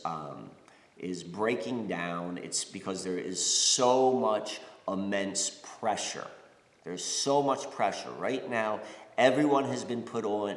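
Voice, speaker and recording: A man from the United States giving a casual spiritual talk, rambling with many fillers, restarts and "you know"s. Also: fairly low pitch. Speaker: spiritual podcast host. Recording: roomy reverberant space.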